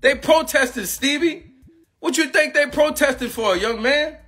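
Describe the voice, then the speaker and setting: Agitated man ranting, high bright voice. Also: unhurried, soft background music. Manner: agitated, repetitive, confrontational. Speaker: former football player and coach. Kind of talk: heated rant on a live stream.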